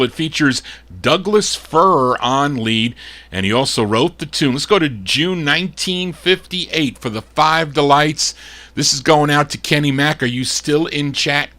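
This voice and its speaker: A man hosting a live oldies record show, gruff and fed up as he grumbles between detailed introductions of the records he spins. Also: on the high side, pushed and bright. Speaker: radio show host and record DJ.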